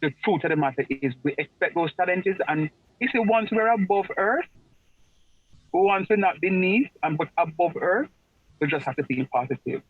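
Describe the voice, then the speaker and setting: A man runs an online class over a video call, his slightly high voice coming through muffled and dry. He talks in a chatty way and circles back on his phrases for emphasis. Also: lively intonation, moderate pace, breathy edge, no room sound. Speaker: lecturer.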